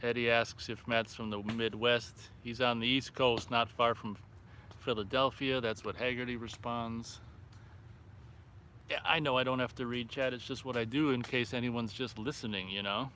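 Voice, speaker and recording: A man's voice: medium pitch, steady tone, normal speed, pushed and bright, a little hiss or hum. A man hosting a casual live stream outdoors by a fire at night, reading viewer comments aloud and reacting offhandedly. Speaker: livestream host reading chat.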